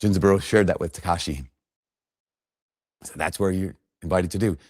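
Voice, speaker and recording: Male preacher with a very low voice and dry close sound, earnest storyteller who builds emphasis. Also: normal speed, a little mellow, no echo. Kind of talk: sermon.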